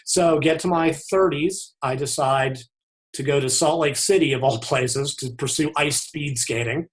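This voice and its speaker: A man with a somewhat higher-than-average voice speaks as a podcast guest. He talks frankly and thoughtfully, circling back and restarting his sentences in an easy, unscripted conversational way. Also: a little slow. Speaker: podcast guest, fitness author. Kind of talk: candid conversational interview.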